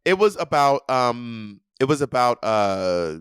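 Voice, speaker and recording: A man's voice: medium pitch, slow pace, clean tone, dry recording. A young man chatting on a podcast, telling stories with sass and lots of animation. His voice sits in a mid range and sounds dry and close, with no room around it. He acts out what people said as he goes. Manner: animated storytelling, sassy, acts out quotes. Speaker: podcast co-host. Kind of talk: casual chat.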